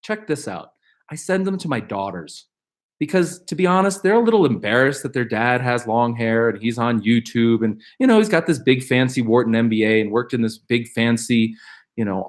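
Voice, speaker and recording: A middle-aged man hosting a live question-and-answer stream, chatting casually and with rambling energy, reading out viewer questions and answering them. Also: mid-range voice. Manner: animated, upbeat, rambling with fillers and restarts; reads viewer questions aloud.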